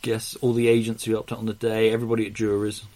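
A man's voice: lowish voice, completely flat delivery, fast, darkish tone. A man co-hosting a podcast in casual chat, rambling, laughing often and swearing casually. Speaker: podcast co-host.

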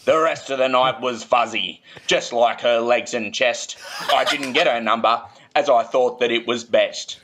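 A man's voice: mid-range voice, a little slow, few pauses, a bit bright, a little hiss or hum. A man reciting a bawdy rhyming bush poem with cheeky, rhythmic delivery.

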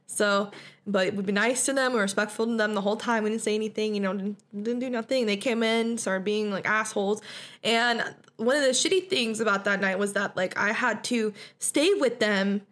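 A woman's voice: medium pitch, moderate pace, fairly bright tone. A young woman hosting a podcast, telling a personal story in a blunt, profane, casual way and laughing often. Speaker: podcast host.

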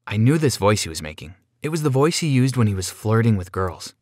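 A man narrating a first-person story in a steady, plain storytelling manner. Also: on the low side, brisk, dry recording, clean studio sound.

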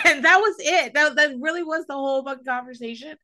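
A woman's voice: high voice, fairly quick, hardly any pauses, bright, forceful tone. A woman co-hosting a casual chat, telling candid stories with swearing and frequent laughter. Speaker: podcast co-host. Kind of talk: casual chat recapping a TV show.

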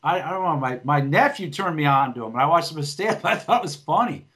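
A fast-talking man with a voice on the high side, fairly bright and lively in intonation. He's a stand-up and podcast co-host, chatting casually in a blunt, rambling style full of swearing and restarts.

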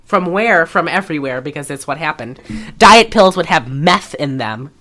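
A podcast co-host with a deep voice talks at a moderate pace, casually chatting about a film she's retelling. She's animated, laughs a lot, and swears without holding back.

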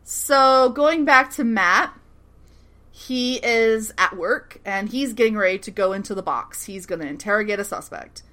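A woman co-hosting a podcast, recapping a TV show in casual chat, animated and laughing, acting out characters' lines. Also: mid-range voice, measured pace.

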